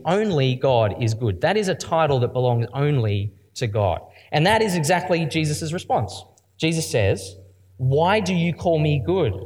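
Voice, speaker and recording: A man preaching a conversational sermon, often asking rhetorical questions. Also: a little high. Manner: lively, questioning, frequent rhetorical "right?".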